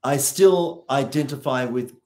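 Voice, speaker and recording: A man with an Australian accent, chatting casually and telling lively stories on a language podcast. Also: medium pitch, a little slow. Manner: animated storyteller, acts out quoted voices. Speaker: co-host. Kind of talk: casual chat.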